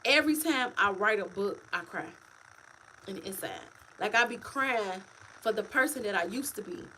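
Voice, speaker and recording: A woman author talking casually to her livestream viewers, animated and repetitive, calling them y'all. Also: medium pitch, normal speed, slight background noise, poor audio. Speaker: author and vlogger. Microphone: phone or webcam, livestream.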